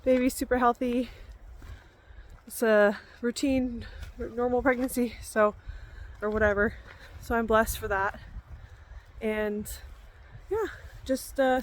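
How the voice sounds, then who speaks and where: A woman talks straight to camera outside among the trees in a loose, rambling way, often restarting her sentences. Her voice sits a little on the high side. It sounds like an unscripted, off-the-cuff vlog. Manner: chatty, rambling, self-correcting. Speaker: vlogger. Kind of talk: casual unscripted chat to camera. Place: outdoors in a forest.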